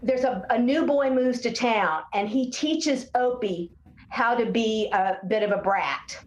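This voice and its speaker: A woman in her sixties, a speech-language pathologist, explaining in a podcast interview as an animated storyteller who acts out voices. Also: fairly high pitch, a little slow, dull audio. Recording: roomy echo.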